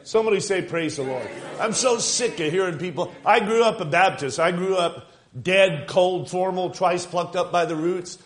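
A man preaching a fervent sermon, retelling stories and building to loud exclamations. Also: high-pitched, moderate pace, few pauses. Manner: fervent, rising to shouts, quoting and laughing.

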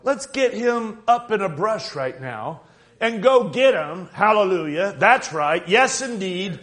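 A man's voice: high voice, very animated, a bit bright. A man preaching a sermon in a fervent, emphatic way, stretching out words for weight. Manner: fervent, emphatic, drawn-out stresses.

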